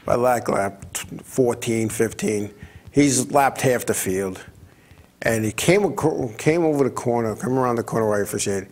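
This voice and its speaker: A man hosting a racing talk show, telling stories in a rambling, animated way, often stumbling over and repeating his words. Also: medium pitch, unhurried. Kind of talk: casual talk-radio storytelling.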